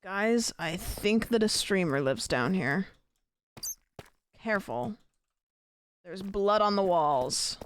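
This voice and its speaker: A young woman streamer chats through a game in a goofy, joking way, full of rambling asides. Her pitch sits in the middle range for a woman. A constant layer of noise runs under the stream audio. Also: lively intonation, slow, long pauses. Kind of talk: casual gameplay chat.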